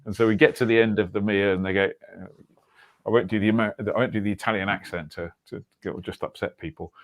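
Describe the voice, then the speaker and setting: A man's voice: lowish voice, fairly even intonation, quick pace. A man hosting a casual livestream chat over a video call, rambling with fillers and restarts. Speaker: host.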